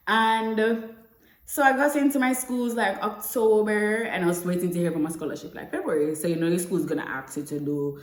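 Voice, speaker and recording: A woman's voice: medium pitch, fairly even intonation, brisk. Young woman, Jamaican accent, chatty storytelling, mixes in Patois, roomy echo. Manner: chatty, slips between English and Patois. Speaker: vlogger. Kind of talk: casual storytelling to camera. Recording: echoey room.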